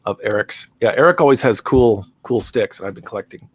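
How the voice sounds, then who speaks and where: A man with a mid-pitched voice, talking on a video call. He jokes around with a playful showman's energy, in a casual-chat style. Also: expressive, a little fast, slight background noise. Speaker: guest musician and collector.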